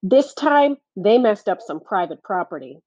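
A woman reading an audiobook, voicing an irritable male construction foreman who grumbles indignantly in rough grammar. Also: medium pitch, very animated, unhurried, a little mellow, no room sound, muffled recording. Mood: grumbling. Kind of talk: audiobook character voice.

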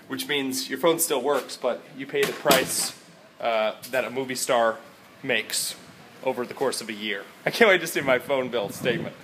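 A man's voice: medium pitch, background noise. Goofy, rambling tired man vlogging. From Florida, USA. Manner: goofy, rambling, jumps between loud bursts and mumbling. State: tired, out of breath. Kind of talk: hyper casual travel vlog. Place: hotel rooms, halls and balcony.

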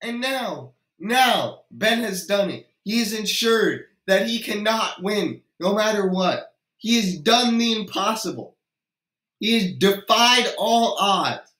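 A man with a high, bright voice rants through game commentary in exasperated disbelief, swearing freely and hamming up his shock. He talks slowly and deliberately, and the sound carries a roomy echo. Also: lively intonation. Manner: incredulous, exasperated, swearing and dramatic. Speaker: video creator.

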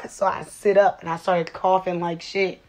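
A young woman tells a funny storytime in a brash, foul-mouthed, lively way, doing the voices of the people in her tale. Her voice sits a bit low and she speaks a little slowly.

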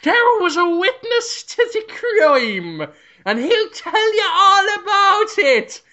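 An overexcited police chief with a thick put-on Irish brogue, his voice shooting high and shrill, as a man puts him on. He stretches his words slowly and shouts from a little off-mic. The podcast audio sounds slightly dull. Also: big pitch swings, exaggerated voice. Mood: excited.

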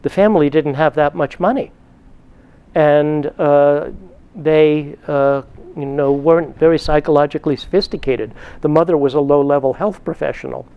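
A middle-aged man gives a psychotherapy lecture, telling patient cases step by step. His voice sits a bit high for a man, and he now and then acts out stern dialogue with a raised voice. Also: normal speed, clear, resonant tone, muffled recording. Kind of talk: lecture with case stories.

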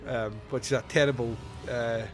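A man's voice: mid-range voice, steady tone, normal speed, soft background music. A Scottish man in his forties hosting a casual movie review podcast, laughing often as he recounts scenes. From Scotland. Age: 40s. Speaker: podcast host.

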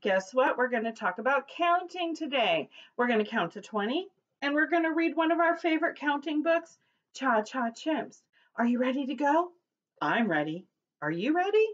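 A woman's voice: high voice, big pitch swings, normal speed, lo-fi sound. Preschool teacher lady reading a picture book to little kids, singsongy, swoops up and down a lot. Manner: cheerful sing-song teacher voice, leads call-and-response chants. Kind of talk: reading a picture book aloud to young children.

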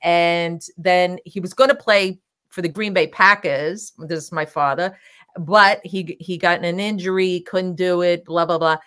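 A woman's voice: lowish voice, steady tone, unhurried, a bit bright, clean tone. A woman guest telling rambling, filler-heavy anecdotes with frequent laughter in a casual interview. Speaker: guest, drag king performer.

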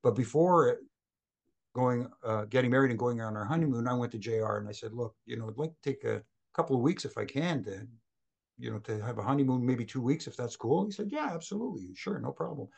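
Middle-aged male guest, storyteller energy, does quick voices for the people in his stories. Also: mid-range voice, creaky, husky. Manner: animated anecdotes, acts out quoted voices. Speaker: former wrestling referee, guest. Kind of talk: storytelling in a casual interview.

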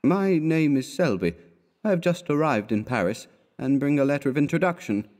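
A man's voice: medium pitch, expressive, slow pace, dark tone, breathy edge, long reverb tail, pitched above the performer's own voice. A man voicing a shy, nervous young American art student, with an eager, polite manner.

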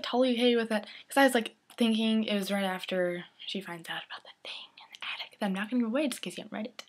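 A woman's voice: fairly high pitch, a little hiss or hum. A teenage girl vlogging casually to her camera, rambling and giggly, often dropping into a whisper. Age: teens.

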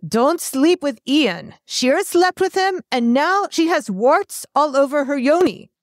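Gossipy ancient tribeswoman in a shrill, slow, made-up accent, put on by a woman podcaster. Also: lively intonation, no echo, studio quality. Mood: gossipy warning. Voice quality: high, drawn-out put-on accent.

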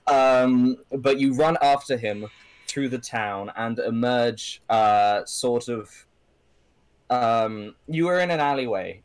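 A man narrating as game master of a tabletop game, halting and full of ums and restarts. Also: medium pitch, no echo.

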